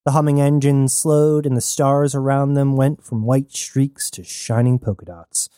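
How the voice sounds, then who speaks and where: Guy reading a story out loud, mellow warm tone, dead dry sound. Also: mid-range voice, steady tone, unhurried, clean tone, no room sound. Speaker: audiobook narrator. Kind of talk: scripted story narration.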